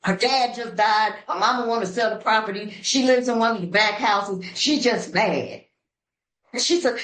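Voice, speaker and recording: An older woman from Los Angeles speaking at a recovery meeting, telling her story in an animated, preacherly way with sudden voice shifts. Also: on the high side, moderate pace, reverberant, low-quality recording. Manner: African American Vernacular English grammar. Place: meeting room.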